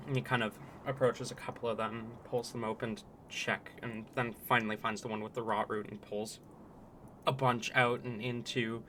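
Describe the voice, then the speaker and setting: A man narrating a tabletop role-playing game as game master, in a relaxed, hesitant way with many "kind of"s. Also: medium pitch, moderate pace, a little hiss or hum.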